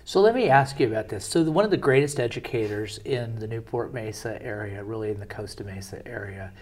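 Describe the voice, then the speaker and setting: A man's voice: fairly low pitch, brisk, darkish tone. A man hosting an interview and telling stories in a rambling, conversational way. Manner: conversational storyteller, rambling with fillers. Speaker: interview host and parent.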